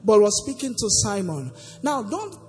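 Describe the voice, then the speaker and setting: A woman's voice: mid-range voice, big pitch swings, normal speed, a little mellow. Woman preaching in a reverberant church. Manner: call-and-response questions to the congregation. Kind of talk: sermon. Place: church hall. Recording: long hall reverb with faint music.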